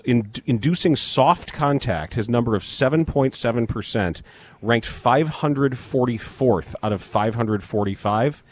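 Measured sports talk host, a man. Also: medium pitch. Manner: measured, cites statistics, halting restarts.

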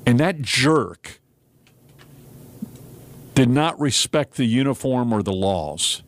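Guy hosting talk radio, mid pitch, animated storyteller doing quotes in raised voices. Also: slow. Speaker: radio show host. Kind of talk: casual talk radio chat.

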